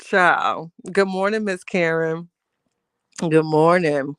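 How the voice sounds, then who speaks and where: A woman's voice: lowish voice, moderate pace, a bit bright, no echo. Chatty woman greeting her live chat. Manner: chatty, playful, greets viewers by name with pet names. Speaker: livestream host greeting chat.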